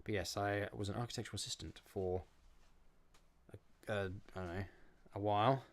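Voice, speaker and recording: A man's voice: fairly low pitch, steady tone, normal speed. A young man chatting casually on a live stream while building props, reading out chat and joking about his own mess. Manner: chatty, self-mocking, reads chat aloud and answers.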